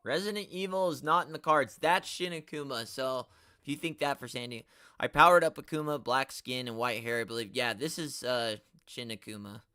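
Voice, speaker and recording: Bright-voiced guy rambling on a stream. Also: mid-range voice, normal speed, clean tone, no room sound, studio quality. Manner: rambling, exasperated, slangy, reads chat aloud. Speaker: host of a toy collecting live stream. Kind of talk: casual live stream chat.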